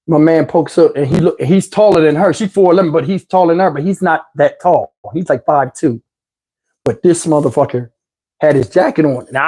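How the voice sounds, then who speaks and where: Husky-voiced man telling a street story. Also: on the high side, a little mellow. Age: adult, looking back on his youth. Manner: streetwise, profane, loose and conversational. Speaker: channel host telling a personal story. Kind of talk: casual storytelling to camera.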